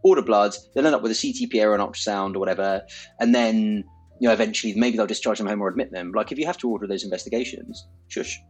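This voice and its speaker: A man's voice: fairly low pitch, fast, breathy edge, soft background music. A man, an emergency doctor hosting a podcast, chatting candidly and reflectively, swearing now and then. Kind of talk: casual chat.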